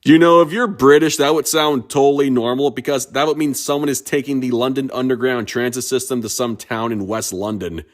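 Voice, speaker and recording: A man's voice: medium pitch, fairly even intonation, fairly quick, hardly any pauses. A man from the United States hosting a casual cartoon review, joking and self-mocking. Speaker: cartoon critic host.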